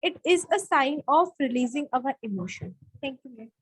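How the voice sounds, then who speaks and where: A woman's voice: high voice, expressive, normal speed, fairly bright tone, no room sound, rough recording. A woman in her twenties with an Indian accent, a student answering politely in an online speaking class. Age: 20s. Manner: polite, formal, simple phrasing.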